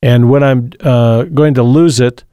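A man's voice: mid-range voice, a little slow, mellow, smooth, no echo, clean studio sound. A man hosting a call-in radio program, giving earnest parenting advice and reading listener comments. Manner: earnest, advising, preacher-like. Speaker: radio show host.

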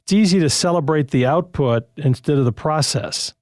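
A man's voice: a little high, animated, normal speed, darkish tone, dry recording, studio quality. A man hosting a radio call-in show and giving parenting advice in a conversational, rambling way with restarts.

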